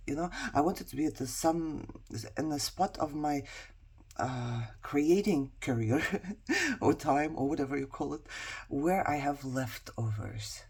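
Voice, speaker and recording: A woman with a husky voice, chatting casually as a crafting vlogger who shows her projects, rambles and laughs often. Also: low-pitched, animated, unhurried, darkish tone. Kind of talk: casual show-and-tell chat.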